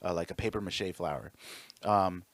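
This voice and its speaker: A man in his thirties co-hosting a podcast, telling a story in a casual, animated way and acting out the quotes with heavy swearing. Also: low voice, moderate pace, no room sound. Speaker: podcast co-host.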